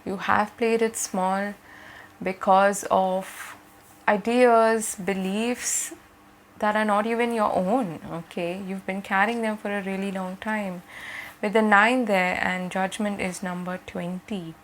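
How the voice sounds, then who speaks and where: A woman giving a gentle, reassuring tarot reading to her viewers, often checking in with "okay?". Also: medium pitch, fairly even intonation, slow, a little hiss or hum, rough recording. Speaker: tarot reader.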